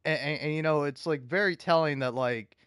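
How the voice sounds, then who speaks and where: A man's voice: fairly high pitch, a little fast, fairly bright tone, smooth, no echo, studio quality. A man ranting in casual commentary, heated and profane, often stumbling and restarting his sentences. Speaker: video commentator.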